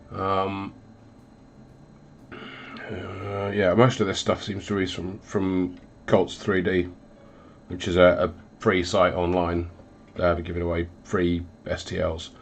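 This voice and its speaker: A man's voice: deep voice, little pitch movement, slow, slight background noise. A man hosting a casual painting livestream, stuffed up and recovering from illness, rambling with lots of ums and self-deprecating asides. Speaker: hobby livestream host. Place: hot home hobby room, windows closed.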